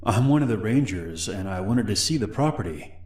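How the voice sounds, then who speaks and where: A man's voice: lowish voice, lively intonation, brisk, echoey room, close to an everyday voice. A man doing a falsely friendly creepy stranger. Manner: falsely friendly, quietly menacing. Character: creepy smiling male stranger in his twenties. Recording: faint music underneath.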